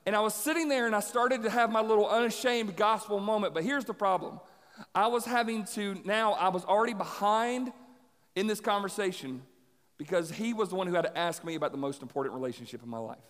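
A man preaching to a congregation, telling stories with animated energy and acting out the people in them. His voice sits high for a man. Long reverb rings through the church hall. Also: brisk. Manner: animated storyteller, acts out voices. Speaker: pastor. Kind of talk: sermon with personal stories.

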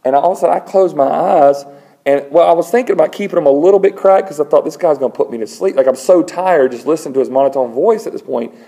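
Conversational male pastor, slightly high voice. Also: quick pace, creaky, rough recording. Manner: conversational, animated storytelling with acted-out voices; frequent fillers and restarts, lightly humorous. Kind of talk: sermon.

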